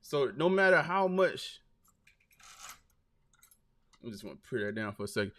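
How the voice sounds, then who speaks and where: Chatting casually on a live stream, the host spins loose stories peppered with "man" and "like." He speaks at a moderate pace in a mid-range, slightly bright voice that swings a lot in pitch.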